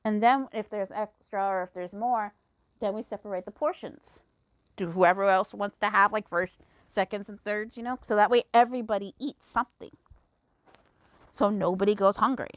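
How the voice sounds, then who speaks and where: A woman's voice: mid-range voice, normal speed. A young woman telling a personal story in a heated, profane rant. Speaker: fan reader. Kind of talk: casual ranting storytelling.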